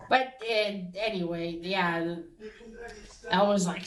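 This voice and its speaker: A woman's voice: mid-range voice, measured pace, pushed and bright, a little hiss or hum. A woman giving a casual, rambling recap of a comic, with many fillers and restarts and the odd swear. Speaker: comic reviewer.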